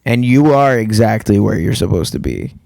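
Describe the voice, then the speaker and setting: Low gravelly guy hosting a podcast, rambly casual chat, dry sound. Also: sing-song, normal speed, darkish tone, no room sound. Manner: rambling, full of restarts and quoted asides. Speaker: podcast host.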